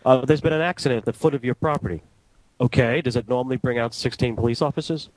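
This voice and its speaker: A man telling stories from his years as a radio transmitter engineer. He is casual and animated and acts out each exchange in the story. His voice sits at an ordinary middle pitch and sounds dry and close to the mic. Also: quick pace, no echo, rough recording. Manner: animated anecdote teller, acting out dialogue.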